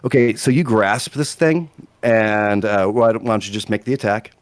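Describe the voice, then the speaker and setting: A man's voice: lowish voice, moderate pace, no room sound. A man narrating a tabletop game as game master, rambling with many fillers. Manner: rambling, filler-heavy, laughs often.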